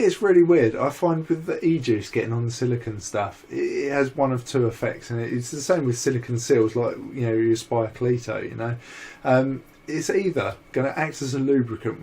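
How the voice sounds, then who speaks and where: A man co-hosting a casual vlog chat, rambling and swearing freely as he tells animated stories. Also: medium pitch, a little fast, breathy edge. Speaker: vlog co-host.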